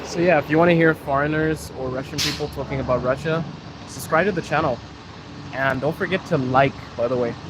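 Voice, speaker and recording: A man's voice: fairly high pitch, a little fast. A young Zimbabwean man live-streaming from a city street, chatting casually with viewers and laughing often. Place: outdoors on a city street by trains. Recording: outdoor street noise.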